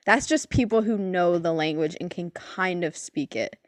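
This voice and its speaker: A young woman co-hosting a podcast in casual chat, animated, swearing and laughing often. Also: lowish voice, normal speed. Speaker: podcast co-host.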